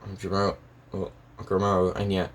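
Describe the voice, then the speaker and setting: A man's voice: low-pitched, monotone, quick pace. A man telling a made-up fan story in a casual, rambling way, with constant fillers and restarts.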